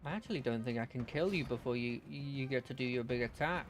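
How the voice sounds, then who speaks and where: A man's voice: medium pitch, quick pace, noisy background. A man giving casual, rambling commentary while playing a video game, with wry asides. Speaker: let's play host. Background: game music.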